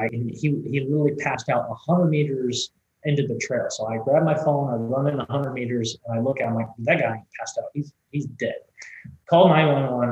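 A man's voice: medium pitch, darkish tone, echoey room, highs cut off. A man, a race director, telling stories in a casual, rambling interview, with many restarts and fillers. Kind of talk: conversational interview storytelling.

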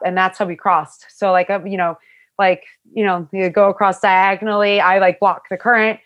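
A young woman tells a story in a loose, chatty way. Her words run on with plenty of "like" fillers, and she acts out what people said. Her voice sits at an ordinary middle pitch for a woman. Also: normal speed. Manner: chatty, full of "like" fillers, animated retelling. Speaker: hiker telling her story. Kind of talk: casual storytelling chat.

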